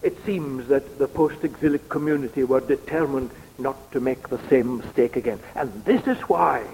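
A man preaching an expository sermon in a measured, deliberate way, pausing to read out quotations. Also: mid-range voice, darkish tone, in a large hall, slight background noise, poor audio.

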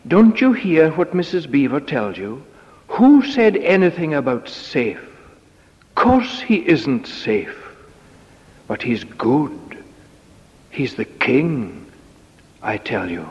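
A man's voice: a little high, very animated, takes it slowly, pauses often. A man voicing a stern, earnest male beaver from a storybook read aloud, on a dull recording with a long echo. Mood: insistent. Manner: stern, emphatic. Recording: dull lo-fi tape in echoey hall.

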